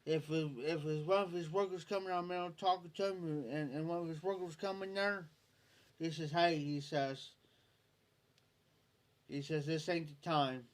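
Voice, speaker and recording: A man's voice: on the high side, steady tone, moderate pace, pauses often. A man hosting a live stream, telling a personal story in a rambling way, often repeating himself and quoting what others said. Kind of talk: casual storytelling.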